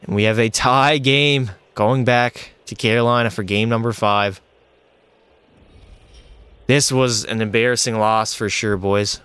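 Young male streamer, excitable frustrated game commentary; clean resonant voice, dry close mic. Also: fairly low pitch, measured pace, smooth, no room sound. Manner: excitable, frustrated, addresses chat as boys. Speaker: streamer playing a hockey video game. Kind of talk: live gameplay commentary.

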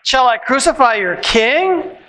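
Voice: high-pitched, animated, unhurried, bright, forceful tone, pitched above the performer's own voice, full character voice. A church reader voicing a male Roman governor who questions a crowd, with the lines delivered in a raised questioning tone.

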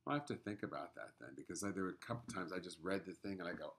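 A man hosting an interview show, chatty and quick to break in with disbelief. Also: deep voice, lively intonation, vocal fry, fairly bright tone. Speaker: host. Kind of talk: casual interview chat.

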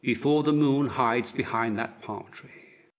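A grave court physician, quiet and sorrowful, as a male narrator puts him on. He speaks slowly in a mid-pitched, measured voice. An audiobook reading. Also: lightly acted. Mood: solemn. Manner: quiet, solemn counting.

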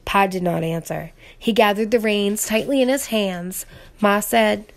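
A woman reading a children's storybook aloud, gentle and expressive, dropping to a whisper at tense moments. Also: mid-range voice, normal speed, vocal fry. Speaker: storybook reader. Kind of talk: children's read-aloud narration.

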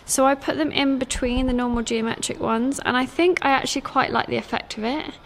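A young woman talks to camera about her week in a relaxed vlog; she runs a sewing school and teaches there. Her voice sits high and moves a little fast, she fills her chat with lots of fillers, and there's a faint hiss or hum.

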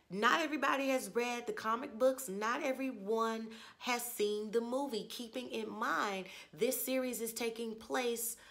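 Hoarse, gravelly woman reviewing TV. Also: fairly high pitch, fairly bright tone. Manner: chatty, opinionated, with rhetorical questions. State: hoarse, lost her voice. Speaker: TV review channel host. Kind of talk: casual spoken TV episode review.

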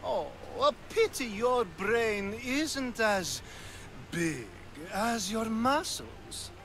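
A man's voice: high-pitched, sing-song, noisy background, heavily acted. An actor playing a flirtatious, foppish male Athenian companion who makes teasing, suggestive remarks in a video game. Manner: teasing, suggestive, drawn-out innuendo.

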